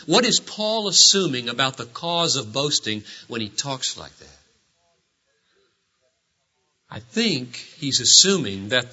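Animated male preacher, bright voice. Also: medium pitch, husky. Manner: animated preaching, rhetorical questions. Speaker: pastor. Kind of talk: sermon. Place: church. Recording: dull lo-fi sermon recording.

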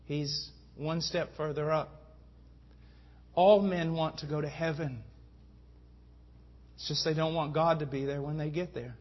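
A man's voice: on the high side, steady tone, unhurried, long pauses. A man preaching a sermon with fervent delivery that rises to emphatic peaks. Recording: dull lo-fi sound.

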